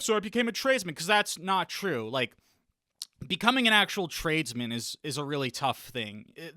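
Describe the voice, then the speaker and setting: A man's voice: a little high, sharp tone, clean tone, no echo, clean studio sound. A young man hosting a podcast in a rambling, boastful casual chat, often laughing between thoughts. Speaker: podcast host.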